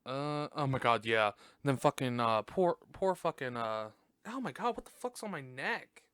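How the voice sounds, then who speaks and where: A man's voice: medium pitch, animated, normal speed, a bit bright, clear, resonant tone, dry recording. A man hosting a podcast, recapping a movie in casual chat, swearing and laughing often, in a room at home on a close desk mic. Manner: chatty, profane, laughs often. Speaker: podcast host.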